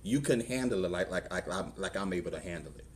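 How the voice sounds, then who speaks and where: Speaking fast and animated in a low-pitched voice, this middle-aged man with a Southern US accent is a pastor giving a testimony sermon in church. He tells his own story conversationally and acts out the voices in it.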